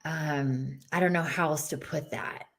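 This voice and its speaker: A woman in her forties, a podcast guest telling a personal story in a casual, expressive way, acting out the voices she heard. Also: sits low, measured pace, vocal fry, soft background music.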